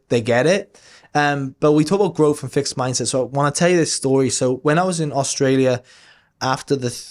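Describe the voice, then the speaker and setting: A man in his thirties talks as a podcast guest. He tells a story casually and candidly. His speech rambles, with plenty of fillers and offhand swearing, and his voice sits at an ordinary middle pitch for a man. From Wales.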